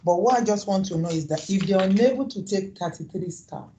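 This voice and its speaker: A woman's voice: medium pitch, lively intonation, brisk, warm tone, rough recording. A woman councillor asking earnest, probing questions at a committee meeting and restating them to make her point.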